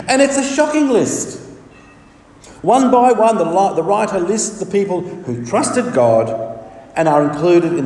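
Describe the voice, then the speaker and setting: A man preaching a sermon in an emphatic, measured way, leaning on dramatic pauses. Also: high voice, darkish tone. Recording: reverberant hall, distant mic.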